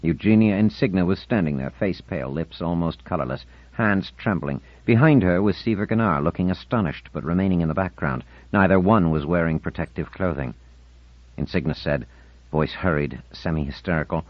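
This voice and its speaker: A man reading a novel aloud as an audiobook narrator, in a measured, expressive reading. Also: deep voice, dry recording. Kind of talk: scripted narration. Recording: dull, dry studio recording.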